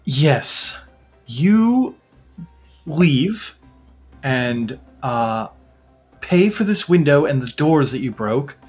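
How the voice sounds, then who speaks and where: A man narrating a tabletop role-playing game as game master, animated and halting, often restarting his sentences. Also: medium pitch, breathy edge, soft background music.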